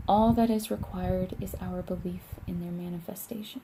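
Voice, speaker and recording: A woman's voice: on the low side, fairly even intonation, moderate pace, few pauses, noisy background. A woman reading tarot cards in a casual vlog, talking in a heartfelt, encouraging, chatty way. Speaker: tarot reader.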